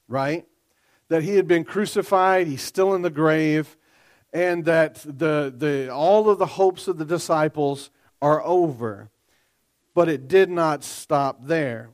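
A man preaching a sermon, moving between quiet scripture reading and loud, excited asides to the congregation. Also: a little high. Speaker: pastor.

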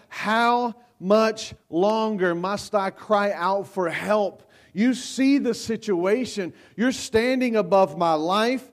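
A male pastor preaching a sermon, emphatic and repetitive, his voice rising into cries when he quotes scripture. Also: high-pitched. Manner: repeats and restarts words.

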